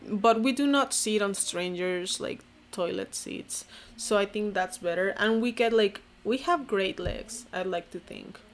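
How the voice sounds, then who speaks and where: A young woman from Mexico with vocal fry, reacting to her old posts in a casual, sarcastic, self-mocking way and saying "like" constantly. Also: mid-range voice, measured pace. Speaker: vlogger. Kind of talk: casual commentary to camera.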